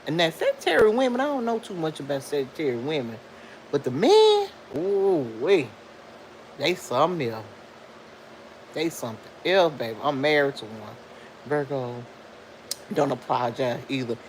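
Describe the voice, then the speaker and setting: A middle-aged woman hosting a casual livestream, chatting loosely and reading viewer comments aloud in a lively voice that swoops high for emphasis. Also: normal speed, long pauses, slight background noise, poor audio.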